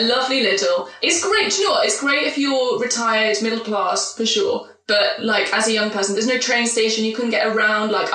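A young Welsh woman tells self-mocking stories with a bright, tense edge to her voice. She speaks a little high for a woman. Her voice sits slightly back from the mic in an echoey room. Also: distant mic. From Wales. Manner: lively storytelling, self-mocking. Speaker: guest comedian. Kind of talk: casual chat.

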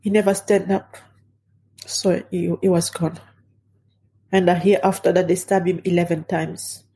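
A middle-aged woman recounts a loss in her own words, her grieving voice soft and mellow. She speaks haltingly, her English marked by non-native grammar and stops to find words. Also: lowish voice, flat delivery. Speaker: bereaved mother. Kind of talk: personal testimony.

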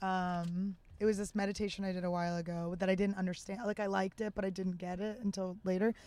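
A woman's voice: mid-range voice, level tone, fast talker, a little mellow, dry recording. A woman telling a candid, emotional personal story as a guest in a conversation, open and full of fillers.

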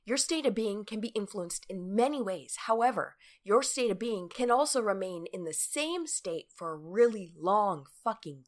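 Blunt, swearing woman with a lively voice. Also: mid-range voice. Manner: blunt and profane, acts out everyday scenes in quick quoted voices. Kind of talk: motivational talk addressed to the listener.

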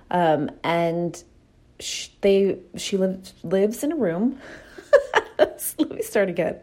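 A woman's voice: on the low side, creaky, warm tone. A woman hosting a reflective motivational talk, telling candid stories with a casual, storytelling manner and the odd swear word.

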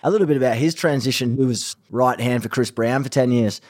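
A young man with an Australian accent hosting a casual podcast interview, energetic and chatty with plenty of slang. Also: medium pitch, a little fast. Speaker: podcast host. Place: Los Angeles.

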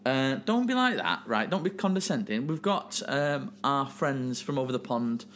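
A man's voice: mid-range voice, lively intonation, moderate pace, fairly bright tone. Guy late 20s, bouncy up-and-down voice, teasing podcast banter, faint hum. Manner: chatty, laughing, teasing storyteller. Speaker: podcast co-host. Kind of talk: casual banter.

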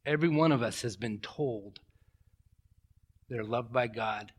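A middle-aged male pastor preaching a sermon, telling stories with animated swings from loud to hushed. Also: mid-range voice, measured pace. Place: church.

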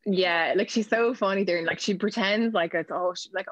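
A woman with an Irish accent, a news reporter chatting as a podcast guest, telling quick anecdotes and laughing often. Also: mid-range voice, no echo. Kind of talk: casual podcast interview.

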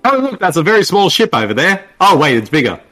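A man's voice: on the high side, huge pitch swings, music in the background. A man co-hosting a casual movie-watching commentary, joking and laughing often. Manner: jokey, laughs often, quick to riff. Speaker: co-host.

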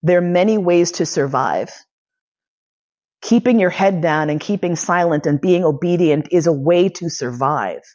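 A woman's voice: fairly low pitch, moderate pace, a little mellow. A woman in her forties giving a personal storytelling lecture, candid, profane and emotionally charged. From United States. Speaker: lecturer and podcast host.

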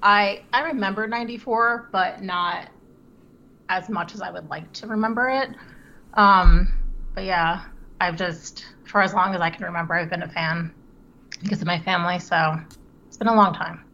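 Woman, 30s, podcast guest, bright voice, dull lo-fi sound. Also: on the low side, normal speed, slight background noise. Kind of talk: casual podcast chat.

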